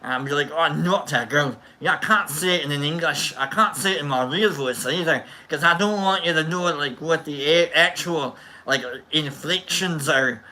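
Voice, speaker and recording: A man's voice: a little high, normal speed, hardly any pauses, bright, forceful tone. A man hosting a casual chat show, rambling with lots of restarts and jokey asides. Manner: rambling, self-interrupting, jokey. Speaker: host.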